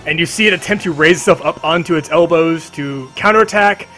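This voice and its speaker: A man's voice: a little high, a little fast, bright, forceful tone, soft background music. A man running a tabletop game on a live stream, narrating in a casual, vivid way full of fillers.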